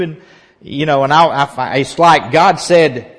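Pastor, male, a touch high-voiced, folksy conversational sermon with loud emphatic climbs, long church reverb. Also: moderate pace. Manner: animated preaching, rising to loud emphatic peaks; folksy and conversational, laughs between points. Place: church sanctuary.

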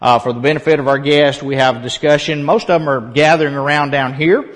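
A male pastor preaches in a casual, folksy way and breaks into loud, emphatic peaks. His voice sits a little on the high side. A long reverb hangs behind him in the sanctuary. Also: quick pace. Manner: folksy and conversational, laughs between points. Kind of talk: sermon. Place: church sanctuary.

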